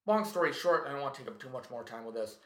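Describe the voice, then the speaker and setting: A male comedian telling a story in casual chat, profane and animated, acting out what people said. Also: mid-range voice, rapid-fire. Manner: profane, animated, tells stories with acted quotes. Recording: echoey room.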